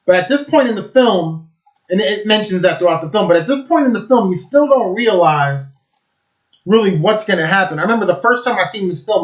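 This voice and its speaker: A man's voice: high-pitched, expressive, a little fast, roomy sound, lo-fi sound. A man giving a casual, enthusiastic film review, rambling with lots of fillers.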